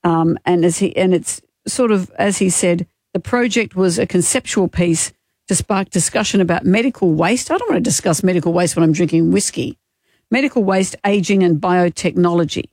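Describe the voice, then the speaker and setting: A woman's voice: on the low side, moderate pace, a little mellow, dry recording. A woman co-hosting a radio show, telling stories in casual banter with a dry, teasing manner. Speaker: radio co-host.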